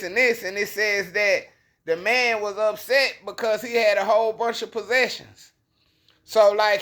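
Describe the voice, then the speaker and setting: A man's voice: sits high, pushed and bright. A man giving a casual, slangy Bible lesson, telling the story in an emphatic conversational way. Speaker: bible teacher. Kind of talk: casual preaching monologue.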